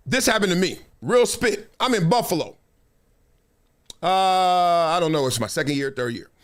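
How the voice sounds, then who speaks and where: A male host telling a story on a live stream, animated and slangy, laughing often. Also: high-pitched, moderate pace.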